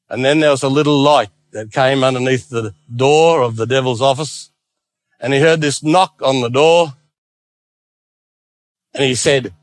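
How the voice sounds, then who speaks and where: A man preaching a sermon as a lively storyteller with playful asides. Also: medium pitch, measured pace, pauses often, dry recording.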